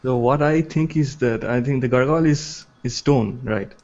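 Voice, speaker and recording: A man's voice: mid-range voice, moderate pace, a little mellow, muffled recording. A man playing in a tabletop game, eagerly thinking aloud as he plans his character's moves. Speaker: player. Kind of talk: casual game talk.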